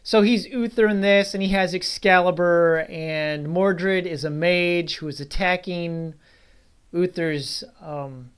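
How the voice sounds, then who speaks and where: A man's voice: on the high side, clean tone. A man talks through a film review in a loose, unscripted way. He is blunt and dismissive, and he keeps drifting into asides before circling back. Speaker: movie reviewer. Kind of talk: casual spoken film review.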